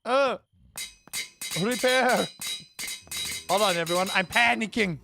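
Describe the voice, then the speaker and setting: A young man giving let's play commentary, excitable, yelling and swearing at enemies as he plays. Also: sits high, takes it slowly, creaky, music in the background. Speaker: gaming channel host.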